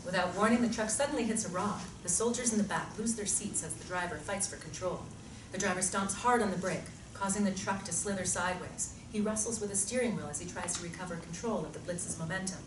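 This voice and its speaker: A woman reading screenplay narration with a steady, descriptive delivery. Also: mid-range voice, fast talker. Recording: echoey room from far off, noisy.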